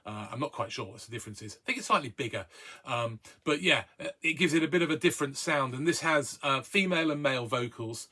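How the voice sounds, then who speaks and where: A man's voice: medium pitch, lively intonation, quick pace, sharp tone. A man hosting a casual record review, chatty and hesitant with many ums and uhs. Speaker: record collector host.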